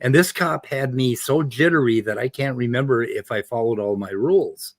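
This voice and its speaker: A man from the United States telling a story casually, animated and swearing often. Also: medium pitch, moderate pace, no room sound. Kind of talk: casual conversation.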